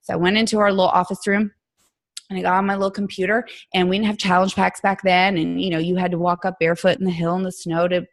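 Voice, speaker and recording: A woman, telling her story in a casual, animated way on a coaching call. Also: fairly low pitch, quick pace. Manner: chatty and animated, acts out quotes, laughs often. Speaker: guest speaker on a coaching call. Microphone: phone or conference call line.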